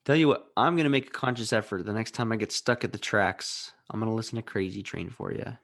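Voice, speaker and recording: A man's voice: on the low side, fast talker, fairly bright tone. Bantering podcast co-host, a man. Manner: joking, playful banter. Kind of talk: casual chat.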